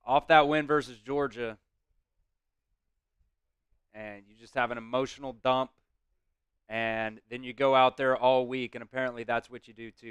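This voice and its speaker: A man's voice: medium pitch, a bit bright, smooth, no room sound. A man hosting a live fan stream, giving blunt, frustrated play-by-play with some swearing.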